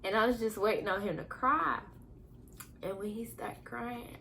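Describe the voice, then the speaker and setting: A young woman casually telling her own story as a vlogger, candid and animated, acting out quotes with laughter. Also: fairly high pitch, normal speed, vocal fry, a little hiss or hum.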